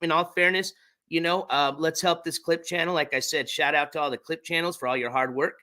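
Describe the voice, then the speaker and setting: A man's voice: a little high, steady tone, fairly quick, bright, forceful tone. A man hosting a casual livestream chat, laid-back and rambling, swearing now and then. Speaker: streamer.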